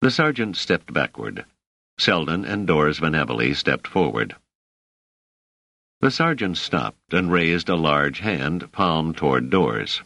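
A man with a very deep voice reads a novel aloud. His intonation rises and falls expressively, and the recording is dry and close. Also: very animated, unhurried, vocal fry, bright, forceful tone, no room sound. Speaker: audiobook narrator. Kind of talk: scripted narration.

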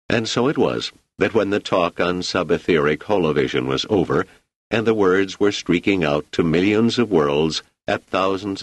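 A man narrating an audiobook in an expressive, animated storytelling manner. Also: low voice, dry recording. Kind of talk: scripted narration.

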